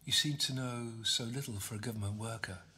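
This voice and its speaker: A man voicing a tough, secretive young woman who speaks curtly and often in a hushed whisper. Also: medium pitch, a little fast, a little hiss or hum, lightly acted.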